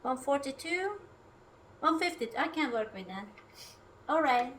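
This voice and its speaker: A woman with a high, bright voice chats her way through a home cooking stream, talking slowly and cursing freely. She rambles to her food and her viewers. Her voice sits back from the mic, with a faint hiss behind it. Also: animated, recorded from a distance. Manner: rambling, swears often, talks to her food and chat. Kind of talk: casual live-stream chatter while cooking. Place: home kitchen.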